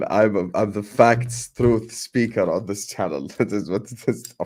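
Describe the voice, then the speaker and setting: A young man hosting a casual football debate livestream, animated and full of banter and fillers, while fasting. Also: lowish voice. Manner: animated, banter-heavy, lots of filler phrases. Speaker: football podcast host.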